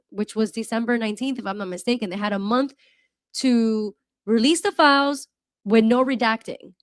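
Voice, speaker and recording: A woman's voice: a little high, no room sound. Worked-up woman commentator, dry sound. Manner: worked up, apologetic, rambling restarts. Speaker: host reacting to a video. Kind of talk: casual commentary.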